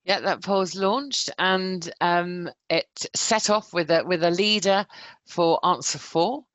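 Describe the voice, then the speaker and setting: A woman co-hosting a webinar, giving steady updates on poll results with occasional hesitations. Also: lowish voice, slow, no room sound, low-quality recording. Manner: steady, informative, with hums of um. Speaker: webinar co-host running polls.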